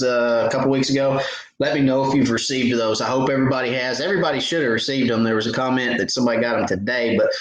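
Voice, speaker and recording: Folksy man in an echoey room. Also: medium pitch. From Knoxville, Tennessee. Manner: folksy, reads viewer comments aloud. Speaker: fishing livestream host. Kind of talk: casual livestream chat.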